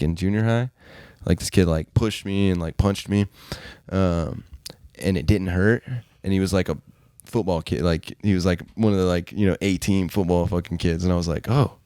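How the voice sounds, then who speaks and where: Low, dark-voiced man telling stories. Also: vocal fry, clear, resonant tone, no echo, clean studio sound. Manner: rambling, heavy swearing, many fillers. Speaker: podcast host. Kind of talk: casual storytelling.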